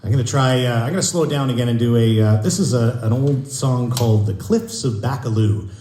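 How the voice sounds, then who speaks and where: Halting male folk singer in a church. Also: mid-range voice, dark tone. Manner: halting, with many restarts, dry joking. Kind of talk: casual stage banter between songs. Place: church, live concert. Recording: roomy church hall, live.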